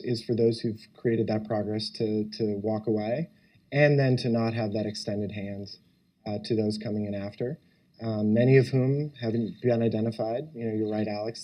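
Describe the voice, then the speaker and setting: Low, mellow-voiced man on a panel. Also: low-quality recording. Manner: earnest, building points in lists. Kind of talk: panel discussion.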